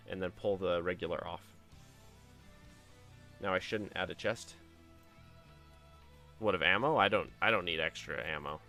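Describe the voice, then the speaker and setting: A man streaming a game, telling family stories in a casual, lively way and acting out the voices of the people in them. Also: fairly low pitch. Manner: animated anecdote telling with acted-out quotes. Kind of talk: casual storytelling while playing a game.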